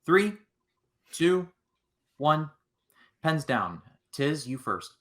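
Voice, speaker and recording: A man's voice: fairly high pitch, big pitch swings, very slow, a bit bright. A man acting as quizmaster, reading rules and questions and counting down answers in a game show style.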